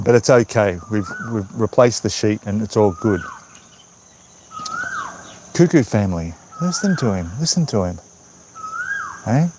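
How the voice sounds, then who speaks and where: A man's voice: medium pitch, darkish tone, a little hiss or hum. Australian male streamer, casual chatty host, outdoors on a phone, faint insects and outside ambience behind. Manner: chatty, reading out viewer comments. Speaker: livestream host. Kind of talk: casual live-stream chat. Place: outdoors by a roadside in the countryside. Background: birds and insects outdoors.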